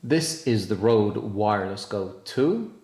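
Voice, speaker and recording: A man's voice: fairly low pitch, expressive, takes it slowly, a little mellow. A man hosting a tech review vlog, talking with playful enthusiasm as he demonstrates gear. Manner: enthusiastic, playful demo talk.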